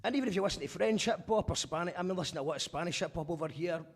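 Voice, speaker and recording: A man's voice: a little high, rapid-fire, slightly rough. A man with a Glaswegian accent hosting a casual live-stream interview, chatty and loose with the odd swear word. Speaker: radio host. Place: abroad, streaming live remotely.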